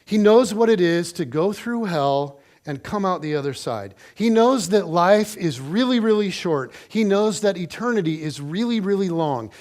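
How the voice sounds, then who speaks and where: Brief: male pastor, higher-pitched voice, lively conversational sermon delivery, chatty asides to the congregation. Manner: animated, conversational storytelling to the congregation.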